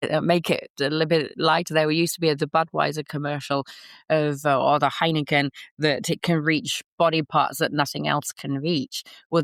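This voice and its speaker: A woman with a notably low voice speaks as a podcast guest. Her delivery is earnest and heartfelt, with a spiritual warmth in her phrasing. The recording is dry and close. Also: no echo. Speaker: horse whisperer guest. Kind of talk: podcast interview.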